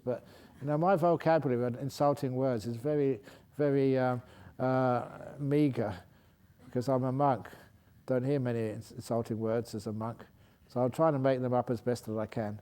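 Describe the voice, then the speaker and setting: Male monk, humorous dharma talk, mellow voice, laughs a lot. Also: mid-range voice, fairly even intonation, moderate pace. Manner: light-hearted storytelling, laughing often, restarting phrases. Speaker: Buddhist monk and teacher.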